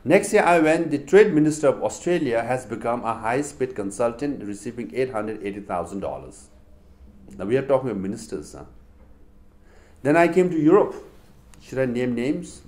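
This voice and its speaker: This middle-aged man, speaking with a Tibetan accent at a medium pitch and normal speed, gives a public talk at a university. His delivery is animated storytelling laced with rhetorical questions.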